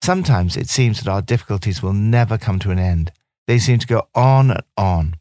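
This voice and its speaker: A man presenting scripted devotional commentary in a gentle, earnest, encouraging way. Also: fairly low pitch, expressive, brisk, no room sound, clean studio sound.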